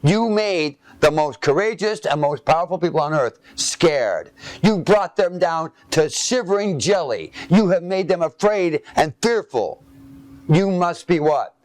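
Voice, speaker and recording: A man's voice: on the high side, lively intonation, a little slow, no room sound. Man, preacher, sermon, scripture reading, fill-in-the-blank questions to listeners. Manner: reads scripture aloud, then comments.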